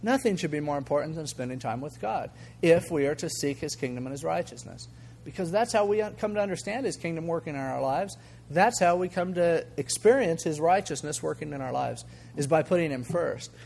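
A man's voice: a little high, brisk, gravelly. An older man preaching a sermon as a pastor, talking conversationally and acting out the voices in his stories. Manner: conversational, animated, acts out quoted voices, chuckles. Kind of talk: sermon with storytelling.

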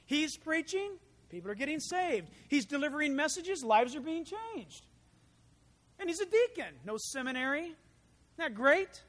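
Animated high-voiced preacher, lively delivery. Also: in a large hall. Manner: animated storytelling with humorous asides; acts out quoted voices. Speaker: pastor. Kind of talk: sermon, verse-by-verse Bible study.

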